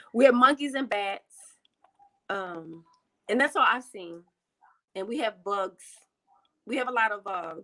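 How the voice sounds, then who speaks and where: A woman's voice: medium pitch, a bit bright, rough recording. A woman from the United States, a guest on a video call interview, talking casually and repeating herself, with lots of "you know". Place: home in Tanzania.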